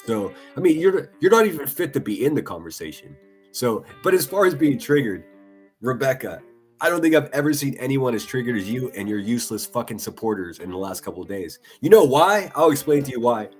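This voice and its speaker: A man's voice: medium pitch, sing-song, fairly quick, a little mellow, husky, faint music behind. A man giving profane, taunting live-stream commentary, laughing often as he mocks. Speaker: livestream commentator.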